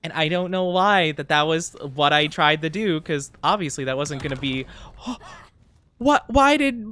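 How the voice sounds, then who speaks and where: A man streaming a game and chatting playfully with his viewers, rambling and giggling, with sudden high squeaks. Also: lively intonation, unhurried, fairly bright tone, slight background noise. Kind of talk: casual live-stream chat while gaming.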